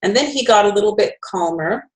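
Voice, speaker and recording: A woman's voice: mid-range voice, lively intonation, a little fast, rough recording. A middle-aged woman presenting essential oils, telling a personal story in a chatty way with fillers and self-corrections.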